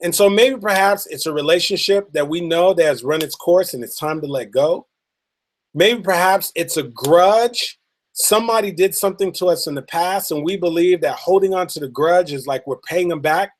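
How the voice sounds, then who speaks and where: A man giving a motivational talk, telling a story in an earnest, emphatic way and drawing out key words slowly. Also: high voice. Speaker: motivational speaker.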